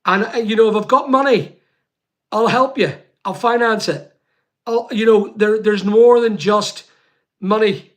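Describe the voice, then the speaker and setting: A man's voice: high voice, fairly bright tone. A man with a Northern Irish accent hosting a live stream, chatting casually to viewers and reading out their comments in a rambling way. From Northern Ireland. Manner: chatty, rapid and rambling, calls people mate. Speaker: livestream host. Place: home studio.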